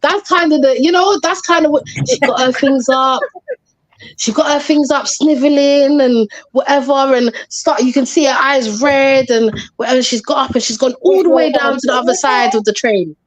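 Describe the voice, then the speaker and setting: A woman telling a story on a live panel, animated and chatty, acting out what people said. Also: high voice, normal speed, dry recording. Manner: animated, acts out quotes, chatty slang. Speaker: panel guest.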